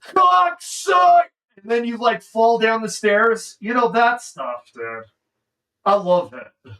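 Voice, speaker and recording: A man streaming a casual movie reaction, excitable and saying "dude" constantly. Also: sits high, slow pace, recorded from a distance, rough recording.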